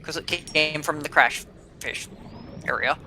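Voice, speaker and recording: A man's voice: a little high, measured pace, noisy background. A man giving casual, explanatory gameplay commentary, often restarting his sentences. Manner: explanatory, with restarts and filler words. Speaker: game commentator. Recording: voice over loud game music.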